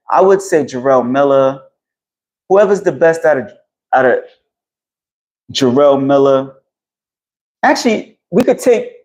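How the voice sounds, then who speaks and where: Man, casual live stream, phone mic outdoors, rambling, profane, slightly high voice. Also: rough recording. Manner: rambling, profane, animated when excited. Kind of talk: casual live-stream chat about boxing. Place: outdoors in the heat. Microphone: phone held while walking outdoors.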